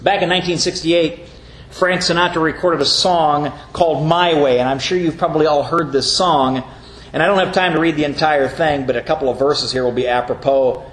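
A man's voice: a little high, fairly even intonation, brisk, fairly bright tone, a little hiss or hum. Earnest man preaching in an echoey room. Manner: earnest, reads scripture aloud with brief mocking voices. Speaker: pastor. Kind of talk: sermon. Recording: echoey room with faint ambience.

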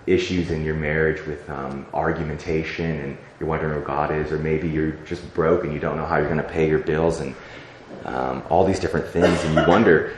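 A man's voice: extremely low pitch, fairly even intonation, a little fast, slight background noise. A young adult man preaching a sermon in a church, talking conversationally with many fillers and acting out prayers. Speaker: pastor. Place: church sanctuary. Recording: echoey church hall, faint ambience.

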